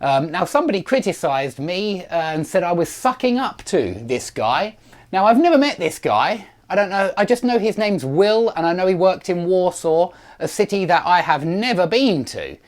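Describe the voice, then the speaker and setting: Middle-aged male English tutor, conversational and digressive, very lively intonation. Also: high-pitched, moderate pace. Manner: chatty, digressive, self-deprecating asides. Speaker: English teacher. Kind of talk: online grammar lesson.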